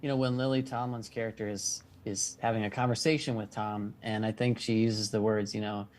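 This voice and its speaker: A man interviewing a film director in a relaxed chat, hedging often and filling his speech with "like". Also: on the low side, a little fast. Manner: loose, hedging, many "like" fillers.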